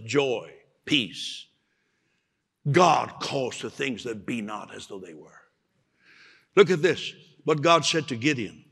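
A male pastor preaching with animated energy, his bright voice sitting a little high. He acts out other people's voices and laughs often. The sound carries a long reverb from a large hall. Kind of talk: sermon.

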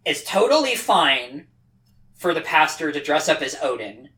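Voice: medium pitch, big pitch swings, unhurried, pushed and bright, low-quality recording. A podcast co-host in casual chat, rambling and sardonic, often breaking off mid-sentence. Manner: rambling, sardonic, self-interrupting.

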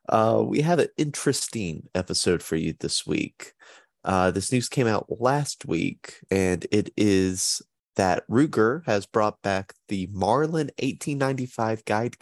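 A man hosting a podcast in a casual, chatty way, easygoing and quick to joke at his own expense. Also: low voice, no room sound, clean studio sound. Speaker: podcast host.

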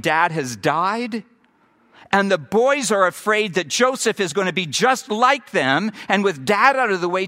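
A middle-aged man delivers a sermon from the pulpit. His slightly raised voice is bright and forceful. He builds to emphatic peaks, then drops to a hushed tone. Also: high-pitched. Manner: dynamic preaching, swinging from emphatic to hushed. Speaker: pastor.

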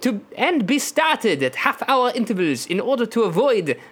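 A man voicing a pompous French race chairman in an exaggerated put-on French accent, reading slowly and haltingly. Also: extremely high pitch, big pitch swings, a bit bright, breathy edge, pitched above the performer's own voice, full character voice. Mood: explaining. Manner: slow, halting, over-enunciated reading.

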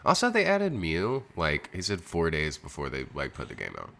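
A young man with a very deep voice talks on a casual podcast. His pitch swings widely as he riffs, loose and jokey. He swears without a second thought. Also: wildly swooping pitch, moderate pace, vocal fry, bright, forceful tone. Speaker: podcast co-host. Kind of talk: casual chat.

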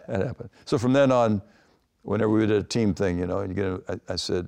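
Older man, gravelly, lowish voice, rambling interview anecdotes. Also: fairly quick, darkish tone. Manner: rambling anecdotes with many restarts and acted quotes. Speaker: retired baseball manager, guest. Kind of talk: storytelling interview answers.

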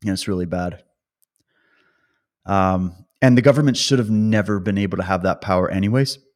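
A man's voice: deep voice, normal speed, darkish tone. Rambling, ranting man. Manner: ranting, sarcastic, rambling with fillers. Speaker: vlogger. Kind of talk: casual opinion monologue.

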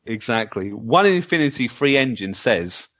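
A man's voice: mid-range voice, lively intonation, normal speed, a bit bright. A man hosts a casual podcast with a mid-range voice. He jokes, laughs often and reads out listener comments. The audio is dull and lo-fi. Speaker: podcast host.

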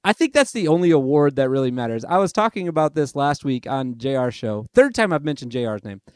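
A man's voice: medium pitch, lively intonation, fairly quick, a little mellow, clean tone, no room sound, clean studio sound. A young man hosting a casual sports podcast, rambling and chatty, amusing himself as he goes. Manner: chatty, rambling, self-amused. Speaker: podcast host. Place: lives in Nashville.

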